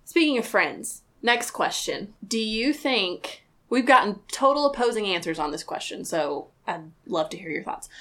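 A woman co-hosting a casual podcast, soft-spoken and conversational. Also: mid-range voice. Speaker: podcast co-host. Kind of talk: casual chat.

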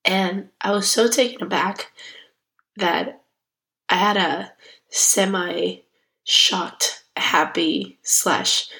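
This young woman's voice is fairly low, gravelly and sharp, and she speaks extremely slowly with long pauses. She hosts a solo self-growth podcast in a casual, heartfelt, chatty way that turns emotional, captured on a rough recording.

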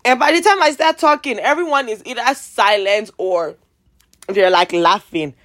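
Here a woman vlogger with a Nigerian accent rants at a moderate pace, heated and fed up. Sarcastic digs and repeated pleas fill the rant, which veers between loud outbursts and low muttering.

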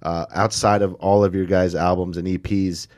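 Very deep-voiced enthusiastic male host. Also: level tone, moderate pace, darkish tone. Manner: enthusiastic, gushing praise with frequent restarts. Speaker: podcast host interviewing a musician. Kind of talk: casual interview chat.

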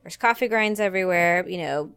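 A woman's voice: lowish voice, brisk, a bit bright, clear, resonant tone, dry recording. A woman co-hosting a podcast, trading jokes and teasing banter in casual chat. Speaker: podcast co-host.

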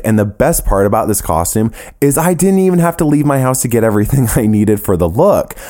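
A man hosting a casual solo podcast, talking in a sassy, animated and profane way, with playful laughs. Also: low-pitched. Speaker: podcast host.

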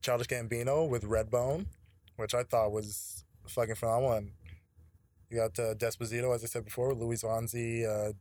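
A man's voice: mid-range voice, flat delivery, moderate pace, darkish tone, no room sound. A man hosting a casual podcast, talking in a laid-back, slangy, profane way. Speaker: podcast host.

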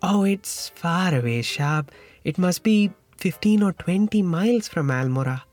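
A man's voice: a little high, animated, unhurried, darkish tone, faint music behind, pitched above the performer's own voice. A man voicing a shy, eager young boy who waits tables in a cafe, calling out in a raised voice.

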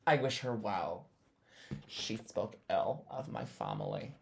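A woman co-hosting a chatty podcast, her delivery dry and sarcastic. Her pitch swings widely as she slips into flat mock voices. A faint hiss and some clicks sit behind her. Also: slow pace, gravelly. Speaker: podcast co-host. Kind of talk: casual chat.

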